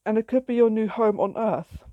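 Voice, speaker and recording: A woman's voice: on the high side, moderate pace, dry recording, phone-quality sound, natural voice. Woman reading as a sulky farm boy. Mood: friendly. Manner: sulky, shouts when upset. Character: grumpy overworked farm boy.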